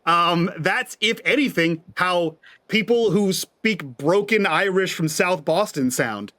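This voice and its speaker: A man with a fairly high voice gives blunt, coaching advice to the other players. He talks casually and directly and swears offhand, in the loose rhythm of a gaming group chat. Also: slow pace, bright, forceful tone.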